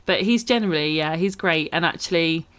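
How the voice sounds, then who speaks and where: A woman's voice: low-pitched, brisk, a bit bright. A woman co-hosting a podcast, chatting casually and telling stories with frequent laughter. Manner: chatty, storytelling, laughs often. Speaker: podcast co-host.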